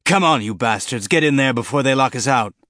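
A man voicing a battle-worn male mech commander, hoarse and rough, giving urgent orders in an audiobook. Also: medium pitch, fast talker, no room sound, clean studio sound, lightly acted. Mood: croaking urgent. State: hoarse after coughing.

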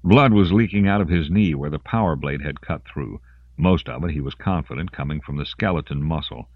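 Deep-voiced man narrating an audiobook. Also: a little fast, no room sound, phone-quality sound. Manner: dramatic storytelling reading. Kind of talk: scripted narration.

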